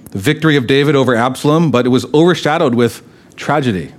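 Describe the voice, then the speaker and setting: A man's voice: medium pitch, darkish tone. Male pastor, sermon delivery, conversational, moves between reading the text and explaining it. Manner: reads scripture aloud, then explains it conversationally.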